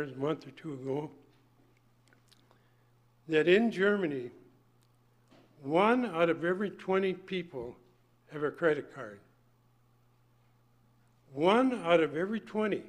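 An older man preaching a folksy sermon, emphatic and swinging between loud points and hushed asides. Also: fairly high pitch, animated, measured pace, long pauses.

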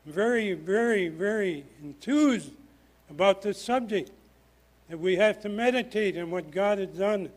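A man's voice: high voice, lively intonation, measured pace. Older man preaching an earnest sermon. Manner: earnest, emphatic, pounding the lectern.

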